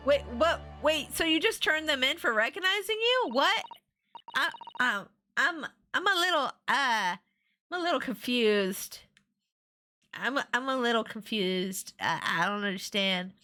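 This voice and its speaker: A woman's voice: high-pitched, lively intonation, measured pace, pushed and bright, faint music behind. A young woman streaming a video game, chatting casually and giggling often. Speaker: VTuber streamer.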